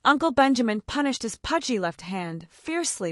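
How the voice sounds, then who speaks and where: A woman narrating an audiobook in an expressive storytelling style. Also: a little high, moderate pace, no room sound, clean studio sound. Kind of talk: scripted narration.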